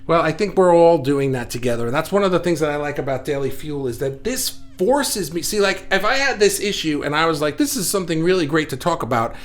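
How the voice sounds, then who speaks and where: A man hosting a casual live stream, reading viewer comments aloud and thinking out loud with many restarts, recorded indoors under studio lights. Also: fairly high pitch, expressive, brisk, hardly any pauses. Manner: rambling, self-correcting, reflective. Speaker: livestream host. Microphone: facing camera, reading viewer comments.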